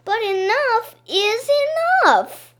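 A woman's voice: very high voice, sing-song, slow, a bit bright, voice pushed up, full character voice. A woman voicing a bossy know-it-all schoolgirl, insistent and exasperated.

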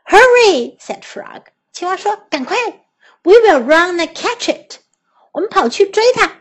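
A woman's voice: very high-pitched, animated, a little slow, voice pushed up. A woman voicing a kindly, helpful male frog in a children's storybook, cheerful and eager, with a Mandarin Chinese accent. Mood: urgent.

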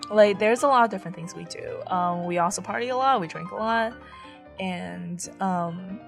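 A young woman from China, a college student, chatting casually as an interview guest in with lots of fillers. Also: mid-range voice. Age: young adult. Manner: chatty, many fillers and likes.

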